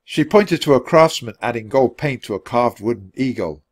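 A man reading a children's chapter book aloud for English learners in a clear, expressive way. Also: mid-range voice, moderate pace. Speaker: storybook reader.

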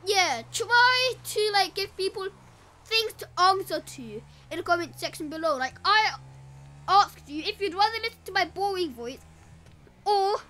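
Woman gaming YouTuber, chatty and energetic, with a very high, bright voice. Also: unhurried. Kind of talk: casual vlog to camera.

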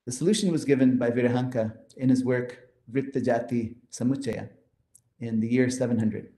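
A man lecturing on mathematics at a conference, with a mellow, relaxed tone. He explains each step with enthusiasm and often checks in with a quick "right?". His voice rings in an echoey hall. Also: mid-range voice.

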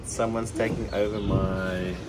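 A man chatting casually on a family outing, relaxed and affectionate with his baby. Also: fairly low pitch, measured pace. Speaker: father filming a family vlog. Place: outdoors at a restaurant and animal park. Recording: loud outdoor background noise.

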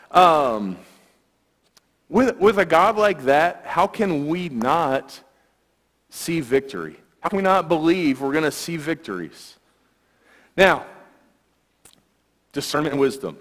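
A man's voice: fairly high pitch, fairly bright tone. A man giving a guest sermon in church, telling stories in a conversational way with filler words. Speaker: guest speaker, youth ministry worker. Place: church sanctuary. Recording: long church hall reverb.

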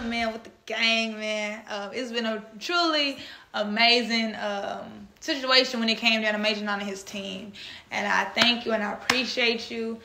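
A young woman from Texas tells a story straight to camera in a casual, lively way, her voice bright and a little high. She acts out the people she quotes. The room around her is echoey. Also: normal speed, vocal fry. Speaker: vlog host and author.

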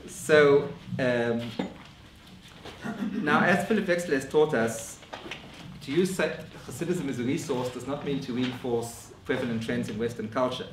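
A man giving a scholarly conference lecture in a measured way, often restarting his phrases. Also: mid-range voice, slight background noise. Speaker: academic lecturer. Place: lecture room. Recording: roomy echo from a distant mic.

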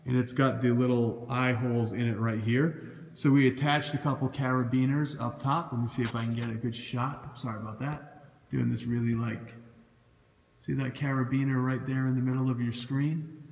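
In an indoor gym throwing area with long, echoey reverb, a throws coach with a Boston accent walks through a how-to on camera in a casual, loose way, pointing things out and correcting himself. His mid-range voice is creaky and a little mellow, with fairly even intonation and normal speed.

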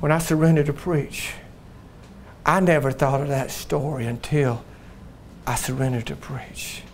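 A man's voice: medium pitch, fairly even intonation, unhurried, a little hiss or hum. A male pastor preaching a sermon in a folksy, emphatic storytelling way in a church.

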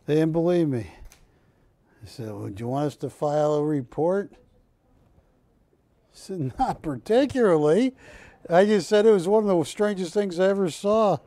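A man's voice: a little high, animated, normal speed, long pauses, warm tone, no echo. A man hosting a live shopping channel, joking with the crew and counting prices down. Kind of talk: live TV sales pitch and banter.

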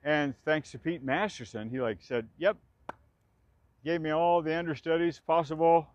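A man's voice: fairly high pitch, normal speed, no echo, dull audio. A man in his sixties chattily recalling his old theater days outdoors in a park, rambling, restarting sentences and laughing often. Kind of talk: casual spoken reminiscence.

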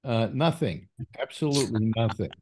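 Brief: older male host, loose rambling delivery, animated pitch. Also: normal speed, breathy edge. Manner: rambling, with many fillers and restarts. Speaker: call-in show host. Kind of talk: casual panel chat.

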